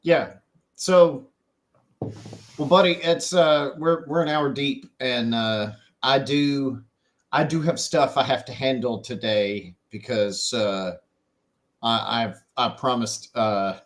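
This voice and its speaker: Slow-talking laid-back man. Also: mid-range voice. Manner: laid-back, short agreeing replies. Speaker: podcast co-host. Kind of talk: casual chat.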